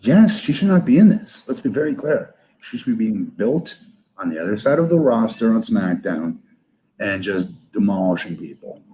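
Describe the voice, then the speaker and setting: A man, a podcast guest, talking casually and bluntly about wrestling, often exasperated and quick with asides. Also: on the low side, big pitch swings, mellow, rough recording. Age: older. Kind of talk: casual wrestling review chat.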